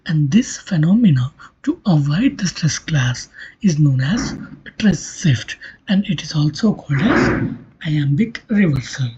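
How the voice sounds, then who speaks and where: A linguistics lecturer giving an online lesson in a breathy, half-whispered voice, often stopping to ask whether it is clear and correcting themself mid-explanation. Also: medium pitch, lively intonation, measured pace, dark tone. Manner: checks understanding with "Clear?" and "right?". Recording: dull lo-fi recording.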